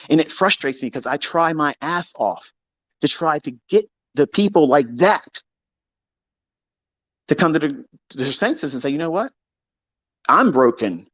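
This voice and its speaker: A man hosts a live audio room and rants in a casual, heated way, profane, taunting and boastful. He swings between loud outbursts and low mutters, with no room sound.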